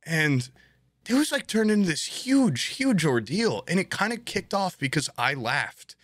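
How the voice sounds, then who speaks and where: Young male podcast host, bright voice, dry sound, animated, laughs through his stories, swears freely. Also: high-pitched, a little slow, dry recording. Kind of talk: casual chat.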